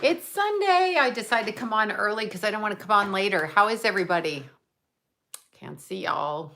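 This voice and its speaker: Woman, bubbly livestream chat, bright voice, chatty. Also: mid-range voice, steady tone, brisk, vocal fry, slight background noise. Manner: chatty, bubbly, reads out viewer locations. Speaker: livestream host. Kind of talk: casual livestream chat with viewers. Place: at home, just out of bed.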